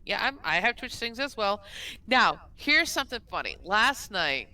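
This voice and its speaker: Smooth, bright-voiced playful woman streamer. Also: mid-range voice, very animated, normal speed, low-quality recording. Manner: playful, laughing along. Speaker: streamer and co-host. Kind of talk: casual stream chat.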